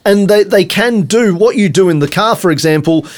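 A man's voice: high-pitched, animated, normal speed. A man hosting an interview, chatty and teasing, asking long rambling questions. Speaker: interview host. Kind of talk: casual interview chat.

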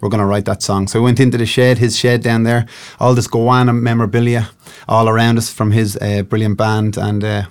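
A man's voice: mid-range voice, monotone, brisk, clear, resonant tone, faint music behind. A middle-aged man from Dublin with an Irish accent, a singer-songwriter chatting loosely in an interview with lots of fillers and restarts. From Ireland. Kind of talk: casual interview chat.

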